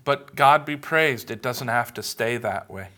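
A male pastor delivers a sermon in an earnest, measured way, pausing to stress his points. He speaks slowly, with a bright, forceful edge to his voice. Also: mid-range voice. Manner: earnest, measured preaching with emphatic pauses.

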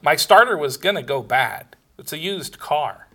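Bright-voiced man preaching a sermon. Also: fairly high pitch, measured pace. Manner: storytelling with laughs, animated quoted dialogue. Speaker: pastor.

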